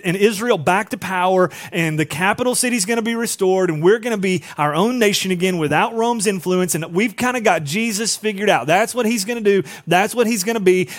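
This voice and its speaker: A man preaching a sermon in a casual, conversational way, often dropping to a hushed voice for emphasis and checking in with listeners. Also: high-pitched. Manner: frequent tag questions and asides to the congregation. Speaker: pastor.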